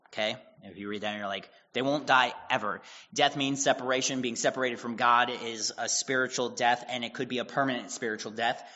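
A man's voice: medium pitch, bright, forceful tone, highs cut off. A man as pastor giving casual Bible teaching, retelling scripture in a conversational way with quoted dialogue and asides.

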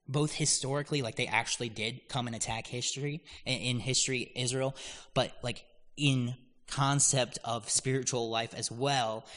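A man's voice: medium pitch, fairly bright tone. A man preaching a sermon on a psalm, teaching earnestly and giving God's words extra emphasis. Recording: long hall reverb.

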